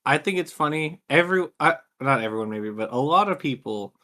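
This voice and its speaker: A man's voice: on the high side, lively intonation, fairly quick, bright, forceful tone. A man with a Southern US accent, joking wryly as a guest on a casual stream. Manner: wry, joking banter. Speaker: guest co-host. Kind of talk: casual live-stream chat.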